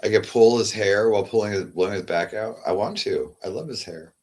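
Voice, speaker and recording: Deep-voiced man rambling on a livestream. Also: darkish tone. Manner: halting, repeats words, trails off. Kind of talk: rambling casual livestream chat.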